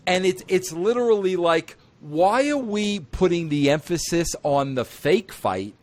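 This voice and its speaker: A man hosting an interview, talking in an emphatic, repetitive way that climbs into excited outbursts. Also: high-pitched, unhurried, few pauses. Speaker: interview host. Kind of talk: opinionated wrestling talk.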